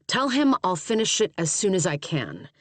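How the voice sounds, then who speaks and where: A woman's voice: on the low side, wildly swooping pitch, moderate pace, no echo. A woman reading a blunt female agent. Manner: blunt, terse. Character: blunt former army sniper, female agent.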